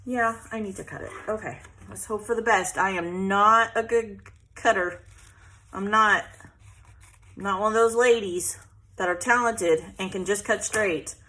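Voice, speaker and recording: A middle-aged woman chats casually while scrapbooking for her vlog, venting and laughing often. Her medium-pitched voice is steady, bright, and forceful, moving a little slowly.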